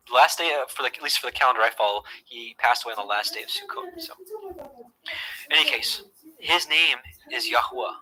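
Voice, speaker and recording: Earnest man with a bright voice. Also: mid-range voice, poor audio. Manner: earnest, repeats words and restarts often. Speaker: online Bible teacher. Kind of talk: conversational scripture teaching.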